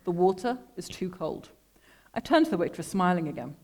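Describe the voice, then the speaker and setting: A woman reads her own prose at a microphone in a lecture room. Her delivery is measured, dry and deadpan, and she sounds calm and composed throughout. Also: lowish voice. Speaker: artist reading her own text. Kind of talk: literary reading to an audience. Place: lecture room at an art school.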